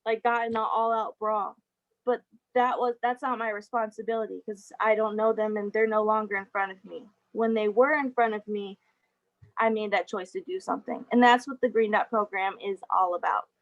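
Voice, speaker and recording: A woman's voice: mid-range voice, fairly even intonation, normal speed, narrow, tinny audio. A young adult woman giving a casual talk as guest speaker, chatty, with frequent laughs and fillers. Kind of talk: casual presentation over a video call.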